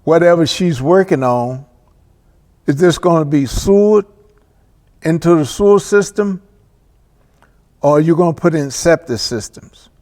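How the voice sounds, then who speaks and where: Male local-TV host, slow and deliberate monologue, reverberant studio sound. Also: on the high side, darkish tone. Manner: slow and deliberate, with pauses and restarts. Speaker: local cable show host.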